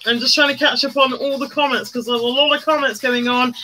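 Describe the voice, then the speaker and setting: A woman's voice: high voice, fairly quick, few pauses, bright, forceful tone, faint music behind, low-quality recording. A woman chatting casually on a makeup live stream, greeting viewers by name and bursting into little sung bits. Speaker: livestreamer doing makeup.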